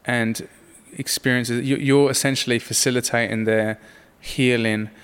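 A man hosting a casual podcast conversation, relaxed and chatty, with a gravelly voice. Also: mid-range voice, unhurried, in a large hall. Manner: laid-back, chatty, backchannels a lot.

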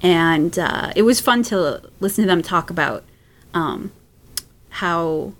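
A woman guest on a chat podcast who talks at an unhurried pace. Her pitch swings widely and she laughs a lot, with many fillers between thoughts. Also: lively intonation. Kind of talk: casual chat.

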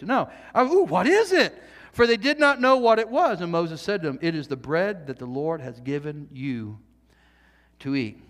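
High-voiced preaching man in a reverberant hall. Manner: animated preaching, swinging from loud to hushed; jokey asides to the congregation. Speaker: pastor. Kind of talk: sermon. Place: church sanctuary.

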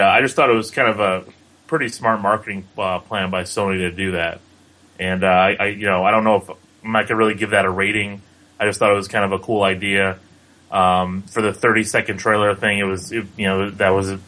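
Bright-voiced, rambling man on a podcast. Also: on the low side, flat delivery, fairly quick, poor audio. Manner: rambling, many fillers and restarts. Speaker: podcast co-host. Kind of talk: casual chat.

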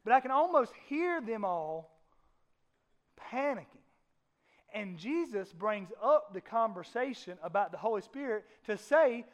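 A man's voice: very high voice, big pitch swings, a little slow. A man preaching a sermon as pastor, with an impassioned delivery that rises and falls, sometimes acting out voices in a casual way.

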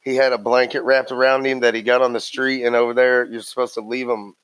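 A man in casual conversation who speaks bluntly and states his opinions flatly. He swears in passing, and his voice sits in a middle pitch. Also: brisk, clear, resonant tone, no echo, poor audio. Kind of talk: casual chat.

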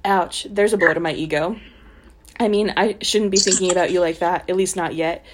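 A woman's voice: on the low side, steady tone, moderate pace, a little hiss or hum. A woman co-hosting a podcast, reading a trashy novel aloud with sarcastic, giggly asides. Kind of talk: mocking dramatic reading with commentary.

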